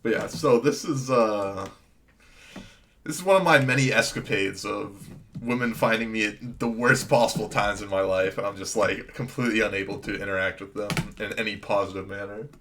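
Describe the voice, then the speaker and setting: A man's voice: lowish voice, normal speed, fairly bright tone, a little hiss or hum. Young man rambling through a story. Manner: rambling anecdote with filler "like", laughing at himself. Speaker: gaming streamer. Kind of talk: casual storytelling while playing a card game.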